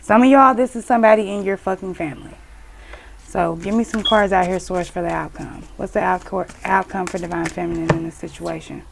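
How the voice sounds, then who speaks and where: A woman's voice: fairly low pitch, brisk, vocal fry, noisy background. A woman giving a casual tarot reading, blunt and profane, scolding and emphatic. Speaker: tarot reader.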